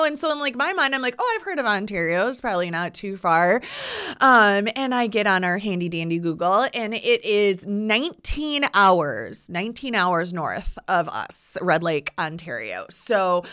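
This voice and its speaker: A woman chatting casually as a podcast guest, telling a story in an animated way and acting out what people said. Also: medium pitch, moderate pace, clear, resonant tone. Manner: animated, acts out quotes, frequent laughs.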